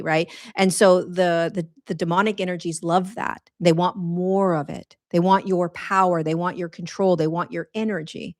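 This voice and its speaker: A woman's voice: lowish voice, gravelly, dry recording, clean studio sound. A middle-aged woman giving an earnest, rambling spiritual talk to her followers, casual and conversational with many restarts and fillers. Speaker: spiritual teacher.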